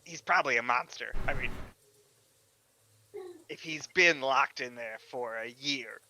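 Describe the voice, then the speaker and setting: A man's voice: mid-range voice, unhurried, sharp tone, slight background noise. A man playing a tabletop game, wry and joking in casual talk. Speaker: player.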